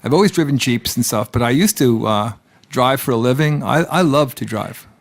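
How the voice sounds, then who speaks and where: A man, a musician guest, telling road stories in a relaxed, chuckling way on a radio chat. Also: mid-range voice, normal speed. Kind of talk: casual anecdote chat.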